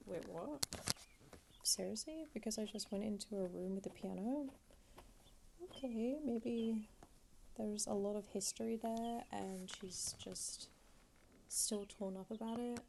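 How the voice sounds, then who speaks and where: Slow, mellow woman commenting on a game. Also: medium pitch, vocal fry, noisy background. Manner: mellow, chatty and amused. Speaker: gameplay channel host. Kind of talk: relaxed gameplay commentary. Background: game music.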